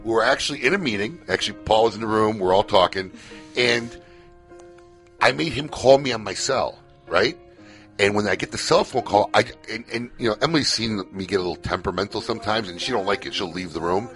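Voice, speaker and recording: A man co-hosting a live radio talk show in a studio, telling stories in an animated way. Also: lowish voice, a little fast, faint music behind. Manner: animated storyteller, acts out shouting bits. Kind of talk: casual radio chat.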